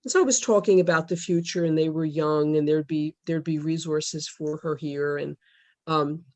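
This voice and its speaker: A religious sister on a video call, telling her experiences in an earnest, halting way with many pauses. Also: low voice, darkish tone. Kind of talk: personal testimony on a video call.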